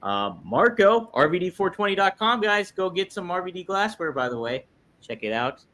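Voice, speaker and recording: A man co-hosting a casual podcast, reading viewer chats aloud, agreeable and quick to laugh. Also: high voice, very animated, pushed and bright. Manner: upbeat, agreeable, laughs often. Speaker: podcast co-host.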